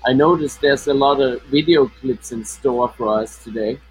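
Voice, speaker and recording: A man's voice: medium pitch, normal speed, husky, low-quality recording. Hesitant man with a flanged voice. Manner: hesitant, many restarts and fillers. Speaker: co-host. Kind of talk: casual chat.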